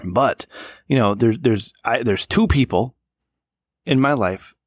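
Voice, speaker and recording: A man's voice: mid-range voice, takes it slowly, no echo, clean studio sound. A man in his late thirties co-hosting a podcast, rambling and swearing a lot while a bit drunk. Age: 30s. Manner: rambling, profane, tipsy. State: slightly drunk. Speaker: podcast co-host. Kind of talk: casual podcast chat. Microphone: studio microphone.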